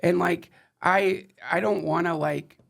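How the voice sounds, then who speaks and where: A man hosting a podcast in casual, rambling chat, getting excitable and jumping up in pitch when animated. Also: unhurried, creaky. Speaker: podcast host.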